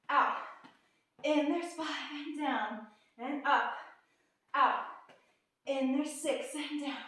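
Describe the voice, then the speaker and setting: Breathless high-voiced woman leading a workout. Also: a bit bright. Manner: upbeat, counting reps, out of breath while exercising. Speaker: fitness instructor. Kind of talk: workout instruction. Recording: echoey room, from a distance.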